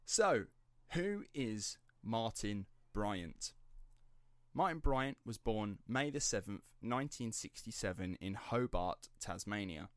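A young man with a low, dry-sounding voice tells a true-crime story in a loose, chatty way. He rambles, drops in the odd swear word and laughs easily. It sounds like two friends chatting on a podcast. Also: animated, slow pace, dry recording. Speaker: podcast host telling the story.

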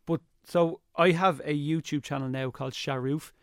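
A young Irish man chatting as an interview guest, telling lively stories and slipping into impressions. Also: fairly high pitch, normal speed, clean tone, no echo, studio quality. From Ireland. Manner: lively storyteller, slips into impressions. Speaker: guest, YouTuber. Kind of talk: casual interview chat.

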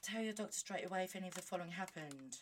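A woman talking casually on her own podcast, animated and self-mocking, reading aloud with chatty asides. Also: fairly low pitch, racing, slight background noise. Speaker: podcast host. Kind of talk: casual solo monologue.

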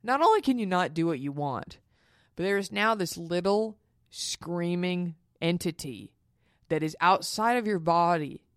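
Frank woman podcaster with a clear voice. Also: lowish voice, animated, a little slow, dry recording, studio quality. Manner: frank, emphatic and confiding, addresses listeners as honeys. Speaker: podcast host. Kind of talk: candid personal storytelling.

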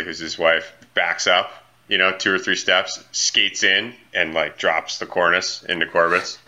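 A man with a very low voice but a strikingly bright, forward tone chats casually as an interview guest. He rambles through his stories with lots of "like" and "um". The audio is dull and muffled. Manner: relaxed, rambling storyteller with fillers. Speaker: ski company founder, guest.

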